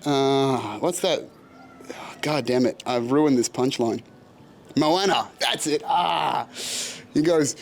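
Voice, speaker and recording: A young Australian man hosts a podcast, casually telling a story with lots of swearing, frequent laughter and self-mockery. His mid-range voice is gravelly and slow, he pauses often, and there's a little hiss or hum.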